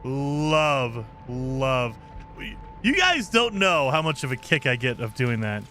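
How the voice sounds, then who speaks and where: A man's voice: on the high side, huge pitch swings, moderate pace, bright, forceful tone, soft background music. A man streaming a game, chatting casually with viewers in a joking, teasing way and laughing often. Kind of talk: casual live commentary while playing.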